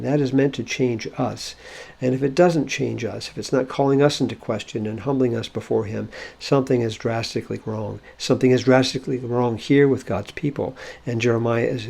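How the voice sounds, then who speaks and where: Male Bible-language teacher with a gravelly edge, talking through a verse in an unhurried, explanatory way. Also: medium pitch, darkish tone. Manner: explanatory, thinking aloud with fillers. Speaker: Hebrew teacher.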